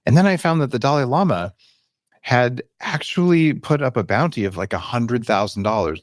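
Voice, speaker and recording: A man's voice: no room sound, clean studio sound. A man in his fifties, a podcast guest, telling candid stories and acting out the voices in them. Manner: animated, acts out quotes and shifts pitch for emphasis. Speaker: podcast guest, biohacking author. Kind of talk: candid interview storytelling.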